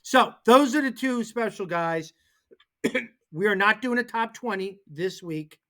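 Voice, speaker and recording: A man's voice: high-pitched, a little slow. A man co-hosting a casual sports talk show, telling stories animatedly and acting out the people he quotes. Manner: animated storyteller who acts out the people he quotes.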